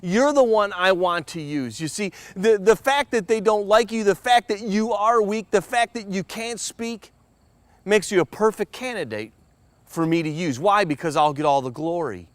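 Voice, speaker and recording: A man's voice: high-pitched, moderate pace, no room sound. A man preaching a sermon, earnest and personal, often stammering and repeating words as he speaks.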